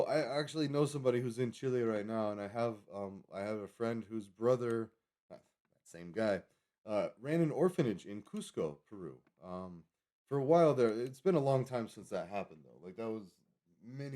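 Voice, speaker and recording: This livestream host from Colorado reads a web page out loud in a casual, rambling way, getting tangled on foreign names. His lowish voice is mellow and animated, and he keeps a moderate pace.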